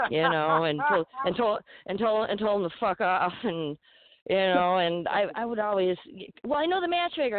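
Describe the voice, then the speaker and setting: A woman's voice: fairly low pitch, no room sound. Profane, laughing woman storyteller on phone line. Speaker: guest fighter. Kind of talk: casual podcast storytelling.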